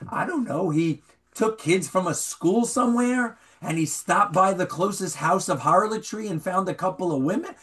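Animated man teaching a Bible class. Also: high voice. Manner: animated, questions the students, reads Hebrew aloud. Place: classroom with a small group.

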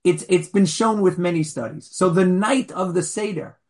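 A man, a rabbi, teaching a class in an animated, conversational way with playful asides to his listeners. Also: high voice, normal speed. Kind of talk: conversational lecture.

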